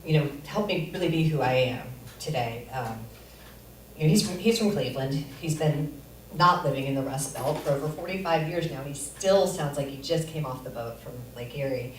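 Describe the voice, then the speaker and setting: A middle-aged woman performs stand-up in a deadpan way, pausing on fillers. Her voice sits on the low side. It is picked up from a distance, so it rings with the theater's roomy echo. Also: a little hiss or hum. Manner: deadpan delivery with filler pauses. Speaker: stand-up comic. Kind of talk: stand-up comedy set. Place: comedy theater stage. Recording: roomy echo, far from mic. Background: audience laughter.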